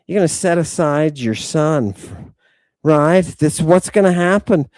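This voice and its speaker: Male host, livestreamed lecture; emphatic, repeats himself, talks at the audience; unhurried delivery. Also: a little high, a little mellow, no room sound. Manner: combative, addresses audience directly; emphatic, repeats his points.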